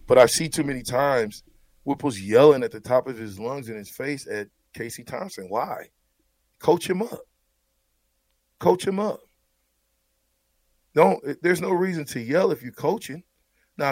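A man's voice: mid-range voice, no echo. A man, a former player, breaking down a football game in blunt, emphatic casual talk, often stumbling over repeated words.

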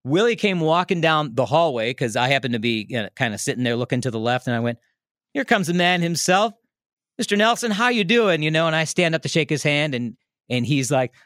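A man telling a story in a casual, animated way, laughing often and restarting his sentences. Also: on the high side, brisk, no room sound, studio quality. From Milwaukee area, United States. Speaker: radio host telling a story as a podcast guest.

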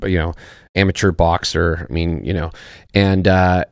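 Deep-voiced man, laid-back podcast guest. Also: little pitch movement, normal speed, creaky, no room sound, clean studio sound. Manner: laid-back and profane, searching for words. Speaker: podcast guest, actor and former soldier. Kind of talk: casual podcast chat.

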